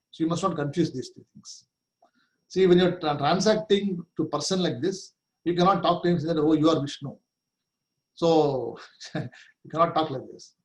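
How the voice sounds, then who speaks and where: A man's voice: a little high, poor audio. A middle-aged man teaching a scripture class, explaining with rhetorical questions, light laughs and chanted Sanskrit terms. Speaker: Vedanta teacher.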